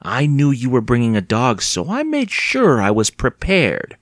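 A man voicing a cold, stern aunt of about eighty, speaking slowly in a hard voice. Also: medium pitch, huge pitch swings, no room sound, clean studio sound. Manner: slow, hard and cold delivery.

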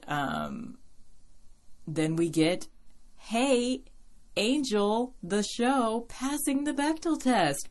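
A woman with a notably low voice talks through her podcast in an easy, rambling way. She laughs often, drifts into side tracks and swears casually, recorded at home. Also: a little mellow. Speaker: podcast host. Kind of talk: casual chat.

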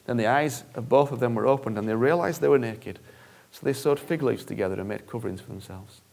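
A man's voice: mid-range voice, quick pace, creaky, darkish tone. A male preacher giving an earnest, conversational sermon that often repeats phrases for emphasis.

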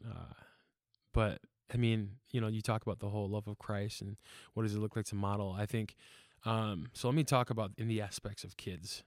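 A young man with a lowish voice talks through his faith story in an earnest, halting way. He is full of fillers and restarts. The sound is dry and close. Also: steady tone, dry recording. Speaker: church member sharing testimony. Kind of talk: casual testimony talk.

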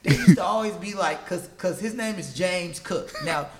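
Podcast guest, man in his forties, high gravelly voice, animated storyteller who laughs often. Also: normal speed, crowd noise. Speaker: gym owner and Muay Thai trainer.

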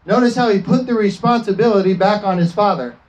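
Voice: medium pitch, a little fast, a little mellow, poor audio. A preacher giving a fervent sermon, often asking the congregation for an amen and slipping into acted quotes.

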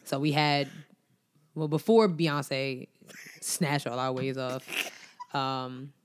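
A woman with a low voice co-hosts a casual music chat. She talks in slang, keeps things animated, and circles back to repeat her points. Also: slow, a little hiss or hum. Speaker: podcast co-host.

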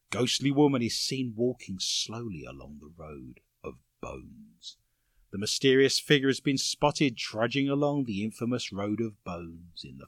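A man's voice: lowish voice, no echo. A man hosting a comedy podcast, reading odd news stories with dry jokey asides. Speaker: podcast host.

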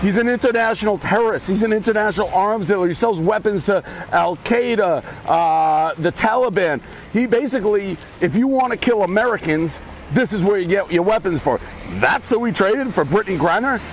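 A man's voice: high-pitched, animated, a little fast, a little hiss or hum. A man ranting bluntly and with lots of swearing while walking, out of breath. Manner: blunt, profane, fired-up. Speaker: commentator ranting in a video clip. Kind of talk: casual rant while walking. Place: outdoors on a street, walking.

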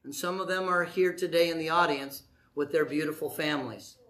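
A man preaching a lively, joking sermon, acting out short quotes as he goes. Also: fairly high pitch, a little fast, echoey room. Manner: animated, jokey preaching with acted-out voices. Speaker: pastor.

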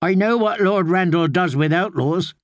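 A man's voice: sits high, moderate pace, no room sound, studio quality, voice pushed up, lightly acted. A man voicing a tall, stern young woman warrior in a storybook reading, blunt and stiff. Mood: defiant.

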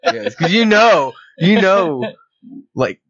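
Joking male co-host, lively pitch. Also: dry recording. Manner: joking, quick asides. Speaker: podcast co-host. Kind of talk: casual chat. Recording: dull, dry lo-fi sound.

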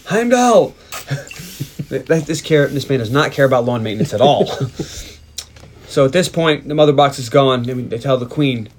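A man's voice: mid-range voice, moderate pace, long pauses, a little hiss or hum. A man co-hosting a podcast, recapping a film in casual chat, laughing often and humming scenes. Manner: laughs often, quotes and hums movie bits.

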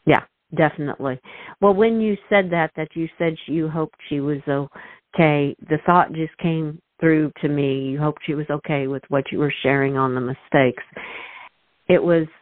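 A woman's voice: low voice, moderate pace, no echo. Gushy lady host on a call, tinny phone sound, dry. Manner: effusive, emotional, many restarts. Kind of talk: podcast interview.

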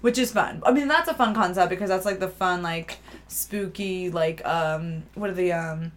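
A woman's voice: fairly low pitch, moderate pace. A woman recapping a film in casual chat with a co-host, joking and laughing often.

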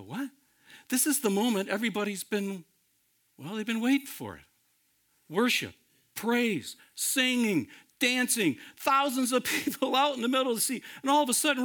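Male pastor, sermon delivery, lively pitch, fairly high voice, dramatic loud-to-hushed swings. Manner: addresses listeners directly as friends.

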